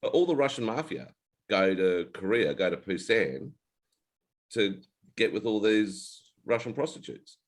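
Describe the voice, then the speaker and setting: A middle-aged Australian man with a very low voice hosts an unscripted chat among friends. He spins loose, blunt yarns and swears without a second thought. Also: measured pace. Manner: relaxed storyteller, blunt, swears freely. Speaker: podcast host, ex-Navy. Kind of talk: casual chat.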